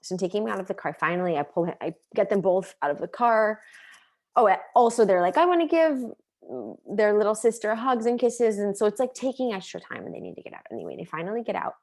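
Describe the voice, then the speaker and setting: A woman's voice: medium pitch, expressive, quick pace, gravelly, a little mellow. A woman in her thirties teaching an online parenting class, earnest and full of questions, sharing personal stories. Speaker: parenting coach.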